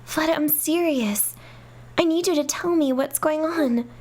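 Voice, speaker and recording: A woman's voice: sits high, a little slow, darkish tone, pitched above the performer's own voice. A woman voicing an earnest young girl who pleads for answers, in a fan dub of game dialogue. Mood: pleading. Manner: pleading, sincere.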